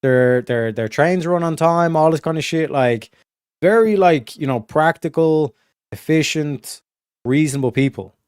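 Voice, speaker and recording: A man streaming a casual, rambling monologue, swearing constantly and full of fillers and restarts, going from emphatic to low muttered asides. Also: measured pace, darkish tone, smooth, no room sound, clean studio sound. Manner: profane, filler-heavy, restarts often. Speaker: streamer hosting a study session.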